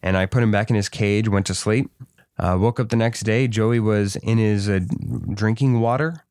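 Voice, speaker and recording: A man's voice: fairly low pitch, fairly even intonation, normal speed, darkish tone, dry recording, studio quality. A young man chatting casually, hesitant, often restarting and repeating words. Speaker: conversation partner. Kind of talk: casual chat.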